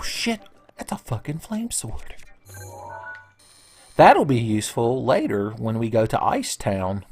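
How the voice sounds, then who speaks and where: A young man talks his way through a game in a loose, joking ramble, swearing freely and breaking into goofy bits. His voice sits at an ordinary middle pitch. Quiet game music plays under him. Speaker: let's play commentator. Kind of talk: casual gameplay commentary.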